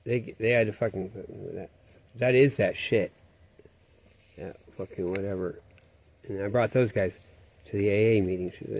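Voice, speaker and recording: A man's voice: lowish voice, moderate pace, pauses often, a little mellow, slightly rough. A man rambling through a profane, meandering, conspiratorial monologue.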